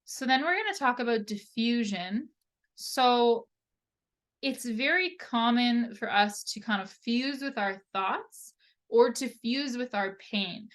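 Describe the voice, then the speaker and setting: Woman teaching in a relaxed, chatty way. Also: a little high, slow pace. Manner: relaxed, conversational, many tag questions. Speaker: occupational therapist. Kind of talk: presenting a lesson.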